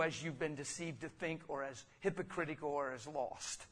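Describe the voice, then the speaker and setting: Man, pastor, sermon, passionate conversational preaching, high voice, bright tone. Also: moderate pace, hardly any pauses.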